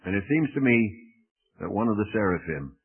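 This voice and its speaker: A man's voice: on the low side, animated, slightly rough. A man preaching a sermon, dramatic, telling a story with quoted voices. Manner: dramatic, swings from slow to fast. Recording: tinny phone-like radio broadcast.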